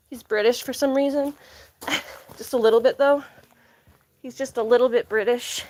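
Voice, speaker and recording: A woman's voice: a little high, fairly even intonation, moderate pace, pauses often, darkish tone. A woman livestreaming outdoors with a phone on a tripod, chatting and baby-talking to her animals. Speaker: vlogger with pets. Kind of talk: casual livestream chat.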